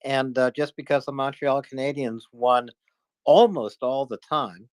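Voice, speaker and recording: Joking New England host. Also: male voice, medium pitch, steady tone, a little slow, clean tone, no room sound. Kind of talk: casual chat.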